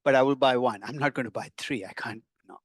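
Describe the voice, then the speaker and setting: A man's voice: medium pitch, fast talker, slightly rough, dry recording. An older man, a professor giving a conversational classroom lecture with wry, teasing asides to his students.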